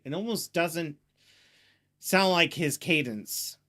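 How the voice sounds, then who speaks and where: A man's voice: a little high, animated, normal speed, a bit bright. A man giving casual, joking gameplay commentary, chatting to himself and to the game as he plays. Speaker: gameplay streamer.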